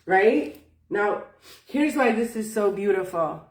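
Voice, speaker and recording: A woman's voice: mid-range voice, expressive, takes it slowly. Folksy emphatic woman teaching, roomy distant sound. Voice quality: emphatic, swears freely, folksy. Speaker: spiritual wellness teacher. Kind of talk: casual teaching talk.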